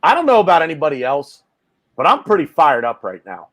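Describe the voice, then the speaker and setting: A man chats on a podcast with loose, animated energy and stacks up fillers. His voice is a touch high and moves around a lot. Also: brisk, no room sound. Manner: animated, laughs easily, loose filler-heavy talk. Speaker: podcast co-host. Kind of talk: casual podcast chat.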